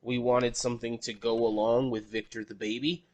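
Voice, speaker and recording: A man's voice: mid-range voice, level tone, normal speed, darkish tone. A man hosting a casual podcast, rambling and correcting himself, swearing freely. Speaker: podcast host.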